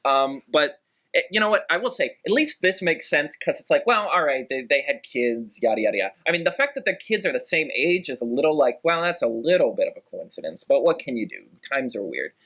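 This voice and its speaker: A man hosting a podcast chats in a rambling, animated way. His voice is bright and rises and falls a lot. He fills gaps with "um" and "like". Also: mid-range voice, a little fast. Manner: animated, rambling, frequent fillers. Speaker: podcast host. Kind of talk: casual podcast chat.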